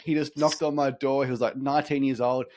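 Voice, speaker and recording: A man's voice: medium pitch, little pitch movement, darkish tone. An Australian man with an Australian accent hosting a podcast, friendly and blokey, firing off follow-up questions. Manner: friendly, blokey, says mate a lot, rapid follow-up questions. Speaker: podcast host. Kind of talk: casual interview chat.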